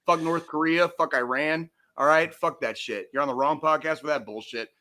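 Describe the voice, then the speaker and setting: A man co-hosting a veterans' podcast, ranting and swearing loudly through casual chat. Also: fairly high pitch, normal speed. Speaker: podcast co-host.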